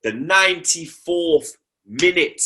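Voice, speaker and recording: A man's voice: on the high side, animated, slow, bright, forceful tone. A young man, talking football on a casual podcast, slangy and repeating himself for emphasis.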